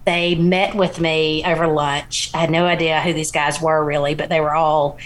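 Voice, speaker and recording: Upbeat woman founder, slightly low voice, casual guest talk. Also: little pitch movement, normal speed. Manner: upbeat and eager, laughs easily. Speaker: guest, small-business founder.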